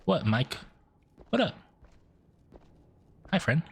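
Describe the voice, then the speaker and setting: A man's voice: sing-song, slow, gravelly, a little hiss or hum. A man streaming a game, giving playful, casual commentary that is full of swearing. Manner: playful, swears often, swings his pitch.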